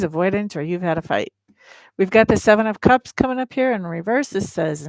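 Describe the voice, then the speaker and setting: A woman's voice: medium pitch, fairly quick, gravelly, dry recording. A woman hosting a live tarot reading, chatting straight to her viewers in a blunt, playful way. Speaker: tarot reader and livestream host.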